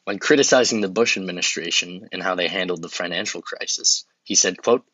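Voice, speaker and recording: A flustered young campaign spokesman fumbles through his pitch in a comedy sketch, stumbling over bad examples and muttering asides. His voice sits low but rings bright and forceful, with a husky grain. The recording is dry and a little muffled. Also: fairly quick, no room sound. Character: flustered male campaign spokesman, bumbling and awkward.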